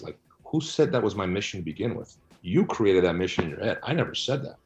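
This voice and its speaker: A man's voice: on the low side, expressive, fast, hardly any pauses, a little mellow. A man interviewed about his book, answering bluntly and argumentatively, often tagging his points with "right?" and "you know". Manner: blunt, argumentative, rhetorical asides.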